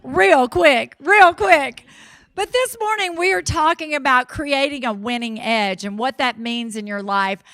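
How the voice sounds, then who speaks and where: High-voiced Southern woman, lively speaker. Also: normal speed, few pauses, dry recording. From Mississippi, US. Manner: energetic, folksy, cheering the crowd on. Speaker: motivational speaker. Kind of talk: keynote speech to a live audience.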